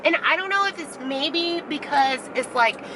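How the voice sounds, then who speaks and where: Brief: young woman vlogger, high voice, chatty and profane, filmed in a noisy car. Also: unhurried, pushed and bright. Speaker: beauty vlogger. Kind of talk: casual vlog while driving.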